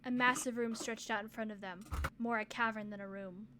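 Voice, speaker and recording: A woman narrating a game aloud on a stream in a steady, expressive reading. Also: fairly high pitch, fairly quick, noisy background.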